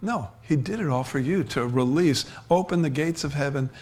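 A man preaching a sermon, his voice sitting a little high for a man. He talks conversationally, stumbling over restarts and breaking into chuckles as he drifts between points. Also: normal speed, a little mellow, a little hiss or hum. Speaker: pastor.

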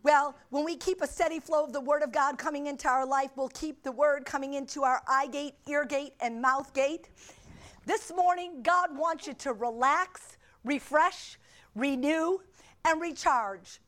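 A high-pitched middle-aged woman preaches a sermon to her church congregation. She leans on repetition and emphasis, breaking off now and then for casual asides to the people in the pews. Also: a little slow, fairly bright tone.

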